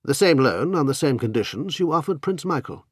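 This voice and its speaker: A self-possessed adventurer, cool and assured, with a lively, smiling lift in his tone, as the reader plays him. Slightly husky and recorded close and dry. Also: a little high, a little fast, dry recording, pitched above the performer's own voice. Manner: cool, assured, sometimes soothing.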